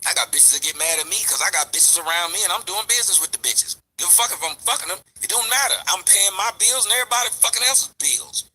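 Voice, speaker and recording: A man with a high, piercing voice that has a husky edge gives a heated, profane rant. He mocks the people he talks about and turns to address his viewers again and again. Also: expressive, quick pace, few pauses, pushed and bright, soft background music, rough recording. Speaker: commentary vlogger. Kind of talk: ranting commentary.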